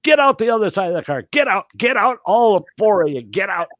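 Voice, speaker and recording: A man telling a story and putting on his panicked ex-wife as she yells frantic orders at the kids. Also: sits high, sing-song, a little fast, no room sound, muffled recording, voice pushed up. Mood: frantic yelling. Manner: frantic, yelling.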